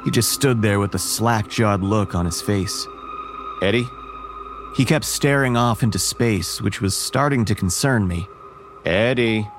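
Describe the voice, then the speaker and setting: A man narrating a first-person horror story in a measured, wary tone. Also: lowish voice, soft background music.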